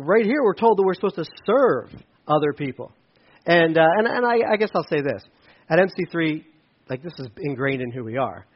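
A man preaching a casual sermon as pastor, conversational with self-deprecating asides and lively storytelling. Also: high voice, highs cut off. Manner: conversational, self-deprecating asides, animated when telling stories.

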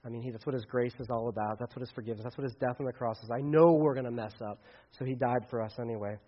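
Lively preacher man, dull lo-fi sound. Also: racing. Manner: conversational, acts out dialogue with big swings in pitch and loudness. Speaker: pastor. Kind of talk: casual sermon.

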